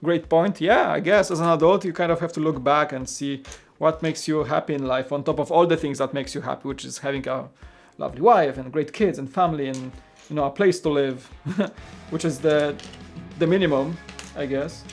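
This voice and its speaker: A man's voice: a little high, moderate pace, vocal fry, soft background music. A man from Poland, hosting a casual livestream and chatting rambly with viewers. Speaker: host.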